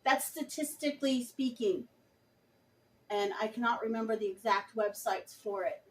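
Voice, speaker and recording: A woman's voice: a little high, normal speed, recorded from a distance, slight background noise, rough recording. A woman vlogger speaking passionately and emphatically, addressing her viewers directly. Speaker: vlogger reviewing a book. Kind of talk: earnest direct-to-camera talk.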